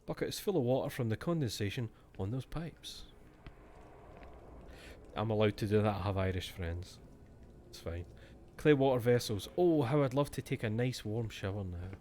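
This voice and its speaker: A man's voice: on the low side, lively intonation, moderate pace, warm tone, slight background noise. Sweary Scottish man streaming a horror game. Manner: jokey and sweary, reads game text aloud. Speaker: let's-play streamer. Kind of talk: casual gameplay commentary.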